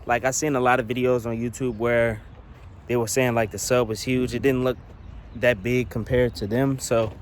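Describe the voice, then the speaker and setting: A man's voice: mid-range voice, level tone, moderate pace, slight background noise. A young man giving a casual, slangy, profane unboxing commentary outdoors beside a car, filming on a handheld phone. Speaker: car audio vlogger.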